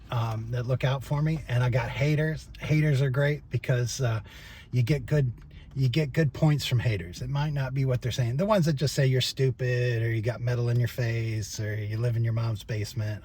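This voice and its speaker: A man's voice: mid-range voice, a little mellow, slight background noise. An older man, a former trial attorney, talking casually to camera in a rambling, profane, chuckling way. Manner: rambling, chatty and profane, with frequent fillers and chuckles.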